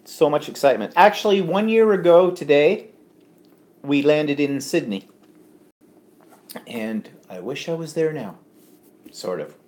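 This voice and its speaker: A man's voice: on the high side, expressive, slow pace, pauses often, darkish tone, slight background noise. Man, live-stream co-host at home, chatty, reads viewer comments, casual. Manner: chatty, reads comments aloud, frequent ums.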